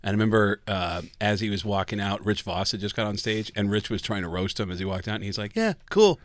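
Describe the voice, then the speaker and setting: A man's voice: fairly low pitch, fast talker, no echo. A man, a guest comedian, telling stories in a casual podcast chat and acting out the people in them. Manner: animated storyteller, acts out quotes.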